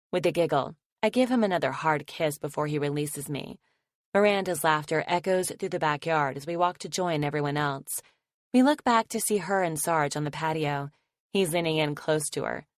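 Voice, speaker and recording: A woman narrating a first-person romance audiobook in a soft, affectionate way. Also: low-pitched, normal speed, no room sound, clean studio sound.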